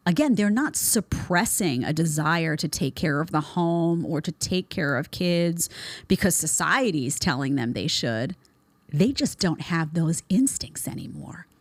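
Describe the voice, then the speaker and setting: Blunt, sarcastic woman host, low-pitched and dry. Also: expressive, a little slow, no room sound. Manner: blunt, sarcastic, mocking put-on voices in quotes. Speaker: show host. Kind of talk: opinionated commentary monologue.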